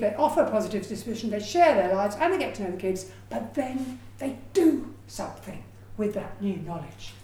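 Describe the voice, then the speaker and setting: A woman giving a lively, chatty lecture on her research, with personal asides. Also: medium pitch, echoey room. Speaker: education researcher giving a talk. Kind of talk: lecture presentation.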